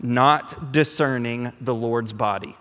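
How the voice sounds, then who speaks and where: A man preaching a sermon as pastor in a conversational, animated way, often repeating words as he restarts. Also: mid-range voice, takes it slowly, long reverb tail.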